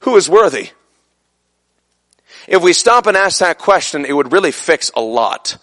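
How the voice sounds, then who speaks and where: A man preaching a fervent sermon, building to shouted peaks. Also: on the high side, sing-song, measured pace. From son of a Brooklyn man.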